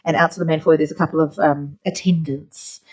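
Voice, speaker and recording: A woman's voice: sits low, steady tone, fairly quick, a little mellow. A talkative woman with a New Zealand accent, teaching an art class as she tells a meandering story. She drifts from point to point, leaning on filler words and laughing at her own tangents. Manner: chatty, rambling, many "like" fillers. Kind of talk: casual storytelling while drawing.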